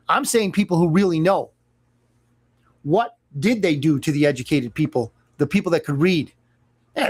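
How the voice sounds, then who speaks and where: Animated, sarcastic host. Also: mid-range voice. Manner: sarcastic, mocking, emphatic. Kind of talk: opinionated commentary monologue.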